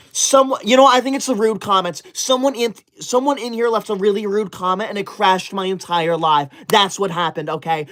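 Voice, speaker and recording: In a comedic send-up, a man with a high, slightly bright voice plays a touchy young livestreamer obsessed with rules. His delivery is prim, formal, and scolding.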